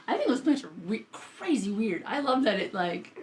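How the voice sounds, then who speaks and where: A woman's voice: fairly high pitch, sing-song, moderate pace, recorded from a distance, slight background noise. A woman hosting a comedy podcast, chatting casually and laughing often. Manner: giggly, frequent laughter. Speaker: podcast host.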